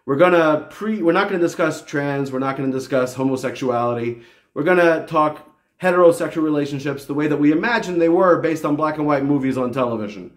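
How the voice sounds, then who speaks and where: A man giving a casual religious video lecture, animated and emphatic, wandering off on tangents before returning to his point. His voice sits a little higher than most men's. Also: fairly quick. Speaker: religious teacher.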